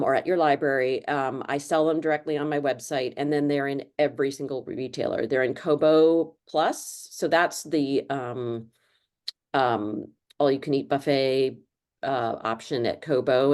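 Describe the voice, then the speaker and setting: A middle-aged woman with a notably low voice talks casually as an interview guest. She rambles through her answers, full of ums and restarts, in a loose, conversational way. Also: steady tone, moderate pace, darkish tone. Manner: chatty, rambling with many fillers. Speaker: author guest.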